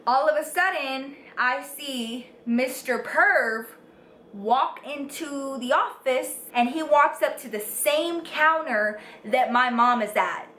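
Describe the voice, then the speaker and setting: A woman's voice: high-pitched, slow, sharp tone. Chatty young woman vlogger, echoey room. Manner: swears freely, heavy "like" and "you guys", talks straight to viewers. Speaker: beauty vlogger. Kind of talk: storytime monologue to camera. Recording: echoey room with faint background hiss.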